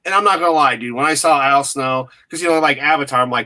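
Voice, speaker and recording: Podcast host guy, bright voice, easygoing chat. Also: medium pitch, fast talker. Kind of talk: casual chat.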